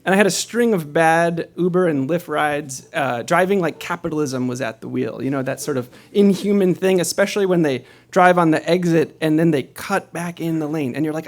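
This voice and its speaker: Lively New York storyteller on stage. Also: male voice, fairly high pitch, moderate pace. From New York City. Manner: animated, builds to loud laughing excitement. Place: comedy club stage.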